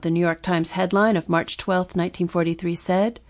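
A woman reading nonfiction history as an audiobook narrator, measured and deliberate, stressing pointed rhetorical questions. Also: fairly low pitch, steady tone.

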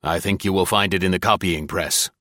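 A man voicing a stern, gruff older naval admiral with a raised, emphatic delivery in a read-aloud story. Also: low voice, fairly even intonation, fairly quick, sharp tone, no room sound, studio quality.

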